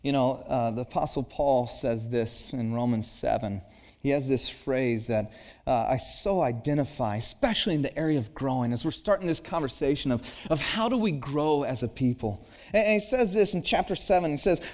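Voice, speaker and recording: A man in his thirties delivers a sermon in a conversational, earnest tone. His voice sits a bit high for a man, and he climbs into emphatic peaks on the key lines. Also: expressive, moderate pace, darkish tone. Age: 30s. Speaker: pastor.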